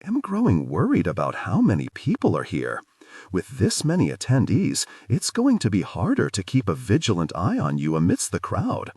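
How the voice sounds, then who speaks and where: A man's voice: lowish voice, wildly swooping pitch, normal speed, darkish tone, husky, no echo, studio quality, distant mic, exaggerated voice. A man voicing a wary alien bodyguard who speaks in a clipped, formal way, in an audiobook. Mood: worried.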